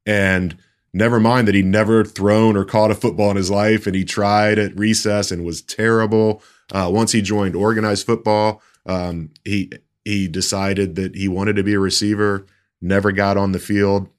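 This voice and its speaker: A man with a very deep voice tells a story in casual podcast chat. He talks as a sports reporter and often restarts his sentences. His delivery is halting but relaxed.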